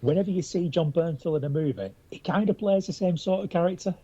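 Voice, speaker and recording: A man with a mellow, slightly husky voice co-hosts a relaxed pop culture podcast. He talks with eager enthusiasm, though he often hesitates and restarts his sentences. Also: on the high side, quick pace, muffled recording. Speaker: podcast co-host. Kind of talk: casual pop culture chat.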